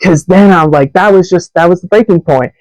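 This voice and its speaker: Young man, podcast co-host, animated storyteller, fairly high voice, dry close sound. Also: a little fast, no room sound, low-quality recording. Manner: animated storyteller who acts out quoted voices. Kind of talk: casual storytelling chat.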